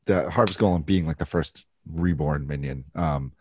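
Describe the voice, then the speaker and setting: A man's voice: rumbling low, moderate pace, a little mellow, slight background noise. A man co-hosting a casual podcast chat about a card game, thoughtful and hedging with fillers. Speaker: podcast co-host.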